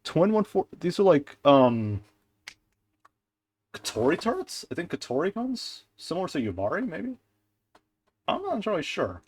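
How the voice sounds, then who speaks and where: A young man giving casual commentary on game stats, animated and ranting, with frequent fillers and restarts. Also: a little high, moderate pace, pauses often, breathy edge. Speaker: gaming content creator.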